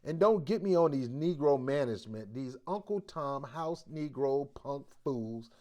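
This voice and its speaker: A male host giving preachy commentary in a forceful, exhorting way, with blunt street slang. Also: medium pitch, lively intonation, measured pace, dull audio.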